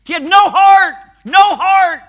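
Man playing a king, outraged, ranting, loud high voice, piercing. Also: slow pace, full character voice. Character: furious indignant king, adult man.

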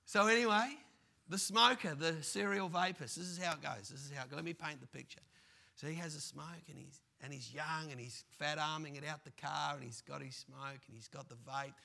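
A man preaching a sermon as pastor, animated and full of playful asides. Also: fairly high pitch, brisk, creaky.

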